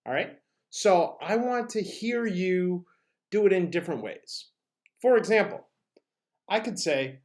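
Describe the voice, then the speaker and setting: A man's voice: high voice, expressive, moderate pace. Upbeat man leading a drama class. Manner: upbeat, leads call-and-answer chants. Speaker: drama teacher. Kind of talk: energetic classroom instruction.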